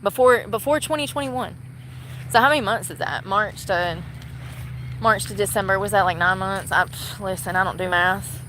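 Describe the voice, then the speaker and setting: Talking at a moderate pace in a medium, slightly bright voice, this young North Carolina vlogger chats casually into her phone camera. She wanders from thought to thought and laughs a lot, while boats and water can be heard outdoors.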